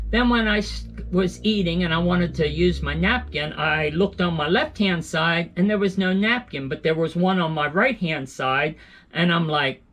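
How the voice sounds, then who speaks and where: A man's voice: a little high, fairly bright tone. A man telling a casual travel story as a vlogger, rambling with fillers and self-corrections.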